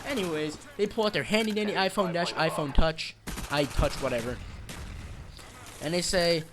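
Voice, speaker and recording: A man's voice: a little high, moderate pace. Rambling young-sounding guy, noisy background. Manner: rambling, dark-joking, self-interrupting. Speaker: channel host. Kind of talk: joking rambling vlog.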